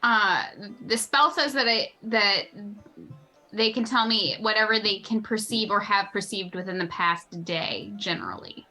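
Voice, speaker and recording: A woman playing a tabletop game who speaks in character, with formal, slightly halting phrasing that drops articles. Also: medium pitch, sharp tone, soft background music, poor audio. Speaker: player. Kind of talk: in-character role-play.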